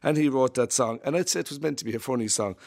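A man's voice: medium pitch, fast, gravelly, a little mellow. A man with an Irish accent chatting on radio as a regular, telling anecdotes and chuckling as he talks. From Ireland. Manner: anecdotal, jokey, chuckles while talking. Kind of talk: casual radio chat.

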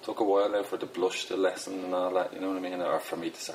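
A man's voice: sits low, flat delivery, very fast, background noise. A middle-aged Irish man with a Dublin accent, a poet chatting in a rambling, self-deprecating way with lots of fillers. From Ireland. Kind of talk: casual interview talk.

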